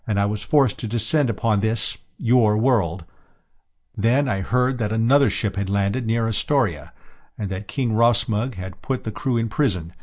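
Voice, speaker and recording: A man voicing a stranded Earthman who howls and shouts wildly with joy in a science fiction audiobook. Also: lowish voice.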